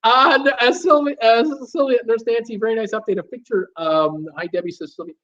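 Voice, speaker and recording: A man's voice: very high-pitched, a little fast, fairly bright tone. A middle-aged man hosting a live stream, casually reading out viewer comments and answering them with many fillers and restarts. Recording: dull lo-fi stream audio.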